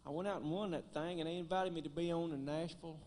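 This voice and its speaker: A banjo-playing comedian from Gleason, Tennessee, with a thick West Tennessee Southern drawl, tells homespun jokes and stories on a concert stage. His voice sits on the high side and moves fast, and he delivers deadpan one-liners in a folksy stand-up style.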